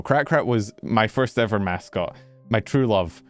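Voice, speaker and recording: VTuber host, casual rambling talker, low-ish voice, catches breath between tangents. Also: male voice, moderate pace, faint music behind. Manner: rambling, self-interrupting, animated. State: slightly out of breath. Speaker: VTuber streamer. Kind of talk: casual chat with stream viewers. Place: warm bedroom.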